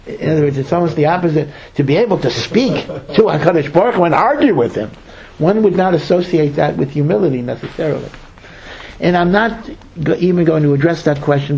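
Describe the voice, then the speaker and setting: A man's voice: a little high, fairly quick, vocal fry, darkish tone, a little hiss or hum, low-quality recording. A man, a rabbi, giving a Torah sermon in a storytelling way, repeating words for emphasis and acting out the people he quotes. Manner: acts out quoted speakers.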